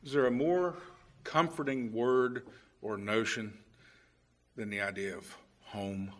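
A middle-aged man preaching a sermon in a conversational way, full of restarts, moving between hushed and emphatic delivery. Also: medium pitch.

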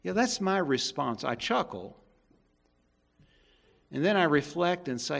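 A male preacher delivering a sermon, emphatic, swinging between loud stresses and hushed asides. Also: on the high side, animated, unhurried, gravelly.

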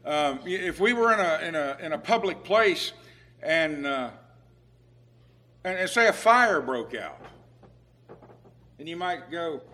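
A man preaching a sermon in a conversational way, with fillers and restarts, who rises to loud, emphatic pleading when he voices the prophet's cries. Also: a little high, big pitch swings, slow, long pauses.

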